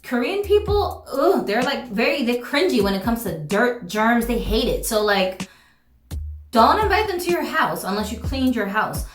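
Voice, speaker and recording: A woman giving casual advice in a vlog, chatty and full of fillers, acting out what other people say. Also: medium pitch. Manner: chatty, many fillers, acts out quoted people. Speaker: vlogger. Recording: echoey room with faint music.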